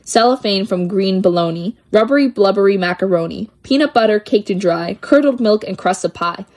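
A woman's voice: medium pitch, fairly quick, a little mellow. A woman reading children's poems aloud with a lilting, playful sing-song delivery. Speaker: poetry reader.

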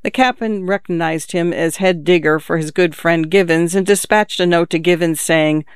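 Smooth, high-voiced male storyteller. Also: fairly even intonation, normal speed, few pauses, dry recording, studio quality. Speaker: audiobook narrator. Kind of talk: scripted narration.

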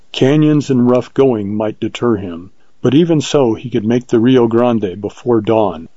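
A man narrates a novel in calm, even storytelling. His voice is mellow and dark, recorded dry. The sound is slightly dull and lo-fi. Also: medium pitch, husky, no echo. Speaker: audiobook narrator. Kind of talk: scripted narration.

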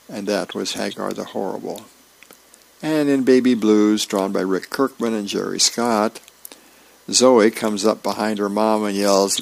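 Low, gravelly-voiced volunteer reader. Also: male voice, fairly even intonation. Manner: folksy, unhurried reading with small slips. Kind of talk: reading newspaper comics aloud.

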